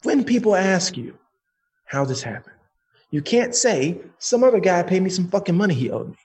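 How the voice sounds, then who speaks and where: A man voicing God as a calm, knowing male spirit who chides and swears, speaking slowly and higher than his own voice. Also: breathy edge, full character voice. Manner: slow, teasing, profane.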